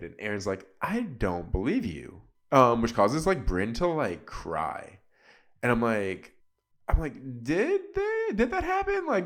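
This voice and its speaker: Man, 30s, low voice, loose gossipy recap delivery, lots of filler words. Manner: chatty, peppered with "like" and "um", animated asides. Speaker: podcast host recapping a reality show. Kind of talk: casual solo recap.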